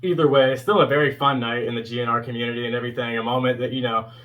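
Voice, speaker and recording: A young man in his twenties speaks with a bright, forward voice at a middle pitch. He talks casually and rambles, filling his review with ums, you-knows and small chuckles. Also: steady tone, rapid-fire. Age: 20s. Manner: rambling, heavy with fillers and chuckles. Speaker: fan video host reviewing a concert performance.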